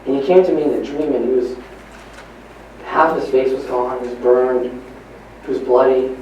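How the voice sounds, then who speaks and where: A man giving a motivational training talk at a live event, telling stories and moving between hushed and emphatic delivery. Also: medium pitch, steady tone, normal speed, highs cut off, slight background noise. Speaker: motivational speaker. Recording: echoey live hall recording from far off.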